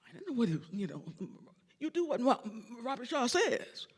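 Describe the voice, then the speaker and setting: An older man tells stories from the stage of a big concert hall, his voice riding high and swooping all over the place. He is a church organist and choir director, animated, singing little bits of tunes as he goes. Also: normal speed, slightly rough. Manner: animated, sings snippets and acts out quotes. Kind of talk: storytelling lecture.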